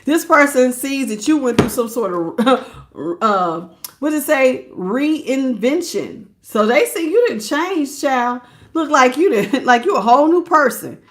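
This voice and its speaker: A woman giving a live tarot reading, chatty and quick to laugh as she talks straight to her viewers. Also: high voice, sing-song, a bit bright. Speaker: tarot reader.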